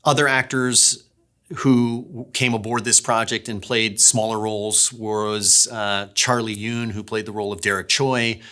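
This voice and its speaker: A man who creates audio dramas, chatting casually behind the scenes and telling stories in a lively way that sometimes restarts its phrases. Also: fairly low pitch, unhurried. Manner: chatty, storytelling, restarts phrases when excited.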